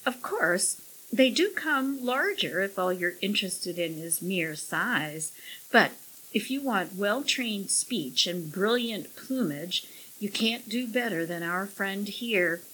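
A woman's voice: mid-range voice, lively intonation, slow pace, a bit bright, slightly rough, exaggerated voice, low-quality recording. A woman voicing a fussy middle-aged woman who owns a pet shop, talking in sugary sales patter. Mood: boastful.

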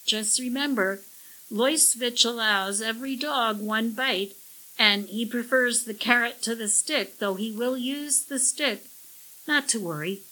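A woman's voice: a little high, unhurried, pushed and bright, voice pushed up, poor audio. A woman voicing a sly, scheming male parrot who snickers and squawks smugly.

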